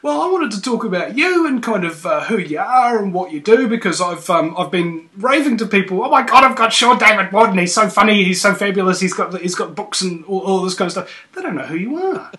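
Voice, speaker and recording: A man's voice: high-pitched, lively intonation, a little fast, hardly any pauses, bright, forceful tone. A man hosting a casual radio talk show, joking and ranting theatrically. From New Zealand. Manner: jokey, rambling, theatrical rants. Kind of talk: casual conspiracy radio chat.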